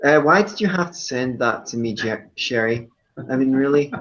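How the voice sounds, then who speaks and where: A man's voice: medium pitch, animated, moderate pace, fairly bright tone. A Scottish man hosting a podcast in casual group chat, joking with theatrical outbursts. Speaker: podcast host. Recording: dull lo-fi sound.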